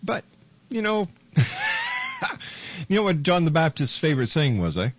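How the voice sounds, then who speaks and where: A man's voice: fairly high pitch, sing-song, brisk. A man hosting a radio interview, joking and playful with his guest. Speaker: radio show host. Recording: dull lo-fi radio audio.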